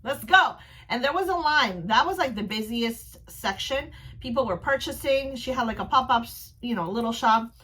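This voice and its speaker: Gushing high-voiced woman vlogger. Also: normal speed, hardly any pauses, breathy edge. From New Jersey. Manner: gushing, excitable, rambling with restarts. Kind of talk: casual storytime recap.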